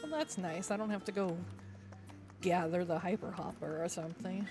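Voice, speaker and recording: A woman's voice: on the low side, normal speed. A woman streamer reacting casually to a game story, with swearing and emotional asides. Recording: faint music behind.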